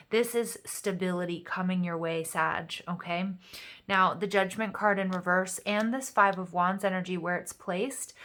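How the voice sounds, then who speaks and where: A woman giving a casual, upbeat tarot reading straight to her viewers, encouraging and quick to get excited. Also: mid-range voice. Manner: upbeat, encouraging, excitable, fillers like "you know". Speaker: tarot reader.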